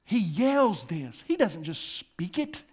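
A man preaching a sermon, dropping to a hush and then rising loud and emphatic, acting out voices as he reads scripture. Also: sits high, sing-song, takes it slowly, breathy edge. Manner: swings from hushed to loud and emphatic; acts out voices while reading scripture.

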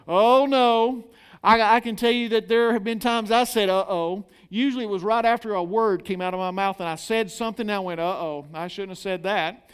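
High-voiced preacher acting out scripture. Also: male voice, steady tone, a little fast, smooth. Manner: dramatic, acts out the people in the story, calls on the congregation to respond. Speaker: pastor. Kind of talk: sermon.

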